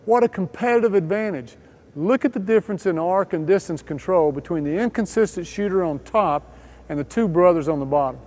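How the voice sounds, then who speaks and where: High-voiced man narrating a training video. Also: expressive, darkish tone. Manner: measured, explanatory delivery. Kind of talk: scripted instructional voice-over.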